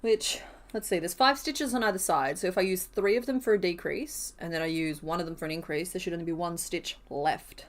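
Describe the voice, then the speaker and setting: A woman's voice: on the low side, a little fast. A woman chatting casually on a crochet live stream, counting stitches half under her breath and laughing easily. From Western Australia.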